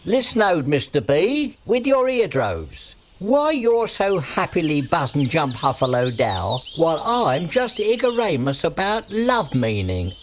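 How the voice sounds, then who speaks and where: A man voicing a naive, lovesick young lad who pleads in high, garbled nonsense words. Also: wildly swooping pitch, unhurried, few pauses, a little hiss or hum. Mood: puzzled.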